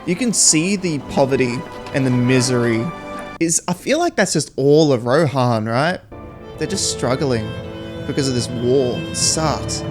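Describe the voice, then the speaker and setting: A young man chatting casually through a film reaction, laughing often and reacting with animated exclamations. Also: medium pitch, measured pace, over music. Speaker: reaction video host. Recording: film audio playing loudly behind. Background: film soundtrack.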